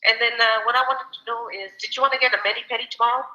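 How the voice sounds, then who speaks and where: A woman's voice: fairly high pitch, steady tone, rapid-fire, sharp tone, roomy sound. A woman chatting casually with family on a phone call.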